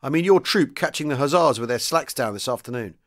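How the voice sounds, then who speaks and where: A man reading the lines of a brisk, approving British sergeant major. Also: mid-range voice, expressive, close to an everyday voice.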